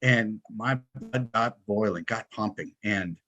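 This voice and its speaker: A man, a guest in an interview, telling his story with lively quoted dialogue. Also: lowish voice, takes it slowly, muffled recording. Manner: animated storyteller, acts out quotes. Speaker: guest, online seller.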